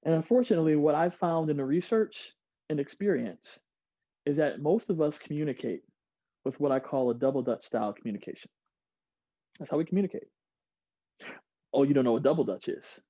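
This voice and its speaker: A man giving an energetic online workshop, reading out audience replies and laughing often. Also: on the high side, brisk, long pauses, slightly rough, no room sound, lo-fi sound. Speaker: workshop speaker. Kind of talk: interactive online workshop talk. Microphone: video call.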